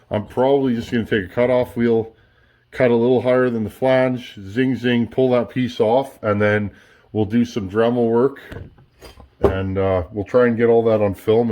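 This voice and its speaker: A man's voice: medium pitch, a little mellow, a little hiss or hum. Man talking through a workshop build. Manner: thinks aloud, restarts often, many "okay?" check-ins. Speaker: chainsaw builder and channel host. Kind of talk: casual workshop tutorial.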